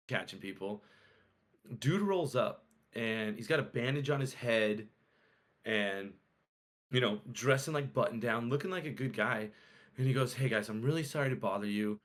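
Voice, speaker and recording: A young man co-hosting a casual podcast, telling a story in an animated way and acting out the quotes with swearing. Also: mid-range voice, normal speed. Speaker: podcast co-host.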